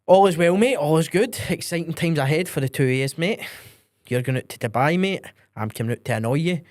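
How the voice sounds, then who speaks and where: Scottish man in his twenties, laid-back, laughs easily, higher voice, dry close sound. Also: expressive, fairly quick, darkish tone, no echo. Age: 20s. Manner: laid-back, says "mate" constantly, laughs often. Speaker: podcast co-host. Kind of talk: casual chat.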